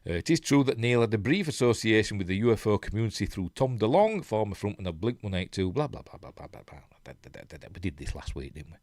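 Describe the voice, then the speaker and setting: Rambling low-voiced Yorkshire man. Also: no echo, clean studio sound. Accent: Yorkshire English. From Yorkshire, England. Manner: rambling, chatty, reads aloud with frequent ums. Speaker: host reading news. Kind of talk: casual news read-through with asides.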